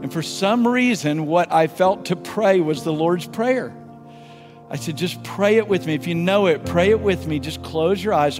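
A pastor giving a sermon, telling a story and leading prayer, moving between emphatic and hushed delivery. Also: male voice, sits high, normal speed, long reverb tail, over music. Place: church sanctuary.

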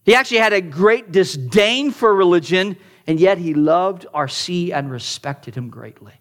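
A man delivers a sermon in a slightly high voice, telling a story as a pastor. He moves from loud, emphatic lines to quiet, hushed ones, and often restarts a phrase on its first word. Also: lively intonation, normal speed. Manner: repeats words at starts of phrases.

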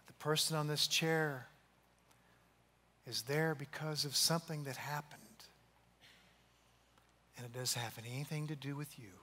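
Bright-voiced male preacher in a reverberant hall. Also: on the high side, steady tone, unhurried, long pauses. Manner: storytelling, acting out quoted voices, dropping to soft hushed tones. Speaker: pastor. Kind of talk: sermon.

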